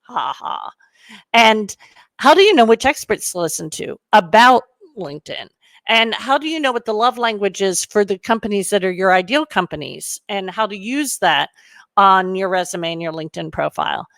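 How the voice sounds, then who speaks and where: Middle-aged woman coaching folks on careers, chatty and animated, lots of ums, dry close sound. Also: mid-range voice, normal speed, vocal fry, no room sound. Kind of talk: webinar talk to an audience.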